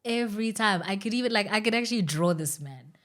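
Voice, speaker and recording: A young woman, a podcast guest, chatting and telling stories in an animated way with frequent laughs. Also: medium pitch, fast talker. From South Africa. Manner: animated storyteller who laughs easily. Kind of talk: casual chat.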